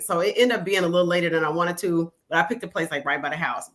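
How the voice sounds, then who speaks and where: A woman guest telling frank, animated stories in casual chat, quick to laugh. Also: on the low side. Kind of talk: casual storytelling.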